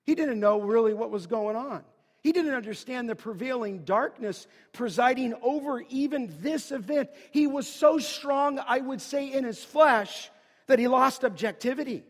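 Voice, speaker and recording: A man preaching an earnest, emphatic sermon that builds to loud declarations. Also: very high-pitched, normal speed, long reverb tail. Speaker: pastor.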